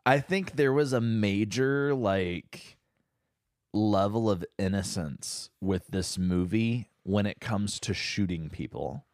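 A man's voice: on the low side, takes it slowly, darkish tone, dry recording, clean studio sound. A man co-hosting a casual movie discussion, laid-back and amused, often agreeing with his partner. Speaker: podcast co-host.

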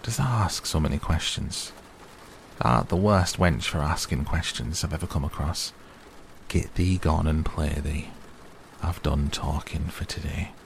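A man reads out a cross old gardener in a storybook, grumbling and grunting in a very low, gravelly voice. He talks slowly and reluctantly, softhearted under the crossness. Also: slight background noise, full character voice. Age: older.

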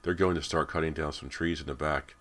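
A man voicing a practical, bossy teenage girl with a brisk, matter-of-fact manner. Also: very deep voice, steady tone, a bit bright.

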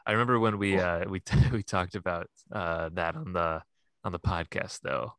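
A man with a very deep, low voice talks loosely on a podcast, trailing off into fillers and breaking into laughs. The sound is close and dry, with no room around it. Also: moderate pace, fairly bright tone, dry recording. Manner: laughing often, rambling with fillers. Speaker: podcast co-host. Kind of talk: casual chat.

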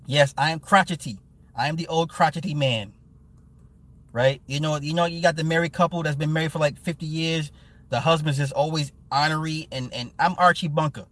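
A man in his forties hosting a casual live stream, chatting with viewers in a blunt, profane and animated way, often laughing. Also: on the high side, a little fast. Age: 40s. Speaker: live-stream host and movie reviewer.

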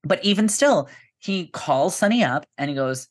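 A woman's voice: lowish voice, animated, moderate pace, husky. A woman co-hosting a podcast, talking about a film casually, with emphatic, frequent swearing. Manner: profane, emphatic, swears often. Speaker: podcast co-host.

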